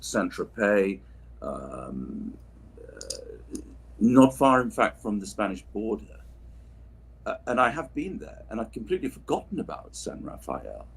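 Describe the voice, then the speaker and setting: A man's voice: lowish voice, husky. A voice actor chatting casually on a livestream while signing prints, drifting through anecdotes and restarting his sentences. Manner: rambling, anecdotal, many restarts and asides.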